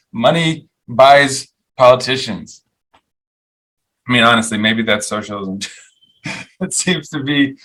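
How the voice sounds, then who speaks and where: A man's voice: mid-range voice, bright, forceful tone, low-quality recording. A man hosting a podcast, giving opinionated, sardonic commentary on the week's news in a loose, rambling way full of fillers and restarts. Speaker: podcast host.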